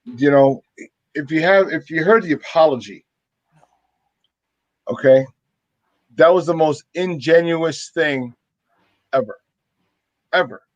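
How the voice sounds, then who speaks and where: A man's voice: on the high side, slow, long pauses, no echo, highs cut off. A man co-hosting a sports talk show, emphatic and repeating words for stress. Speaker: co-host.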